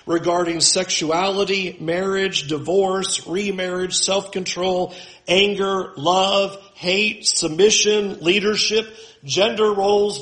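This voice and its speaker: A man's voice: high voice, a bit bright, roomy sound, poor audio. A male pastor preaching a sermon with emphatic delivery, building lists with rising force.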